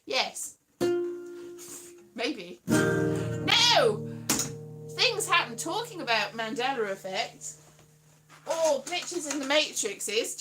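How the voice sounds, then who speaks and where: A woman vlogger rambling playfully about words, often singing her thoughts over her own guitar. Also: high voice. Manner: whimsical, sings half her thoughts, playful wordplay. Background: guitar playing.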